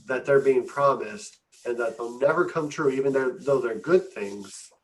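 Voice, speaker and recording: A man co-hosting a casual podcast, talking in a halting way with many fillers and restarts. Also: mid-range voice, distant mic, poor audio. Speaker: podcast co-host.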